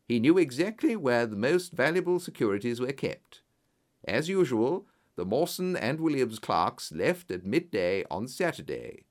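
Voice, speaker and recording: A man narrating a story, reading in an expressive, clear storytelling manner. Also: medium pitch.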